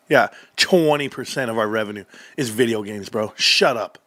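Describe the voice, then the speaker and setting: A man hosting a livestream, reading through financial reports with excitable commentary that swings from muttering to yelling, his voice going hoarse. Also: on the low side, normal speed, no echo. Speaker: livestream host.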